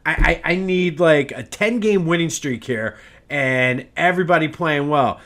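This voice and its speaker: A man's voice: a little high, a little slow, fairly bright tone. A man hosting a casual solo sports podcast, ranting in a worked-up way with many restarts.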